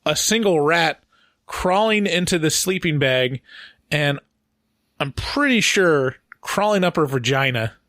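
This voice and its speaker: A man co-hosting a casual podcast film review, rambling and halting with fillers as he recounts scenes. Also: a little high, lively intonation, fairly bright tone, no echo, studio quality. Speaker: podcast co-host.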